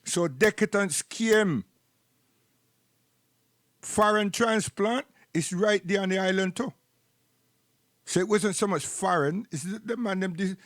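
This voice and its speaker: A man's voice: high voice, no echo. Preachy Jamaican man, dry close sound. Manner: preachy, repeats words while searching. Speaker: live stream host. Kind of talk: rambling live-stream commentary.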